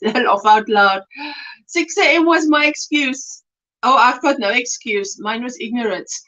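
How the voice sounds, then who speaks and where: A woman hosting a crochet livestream, chatting casually, warmly reading out viewer comments and exclaiming over their work. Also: on the high side, a little slow. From South Africa. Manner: effusive, reads chat aloud with exclamations and laughs. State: recovering from throat swelling. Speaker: livestream host. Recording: dull lo-fi livestream audio.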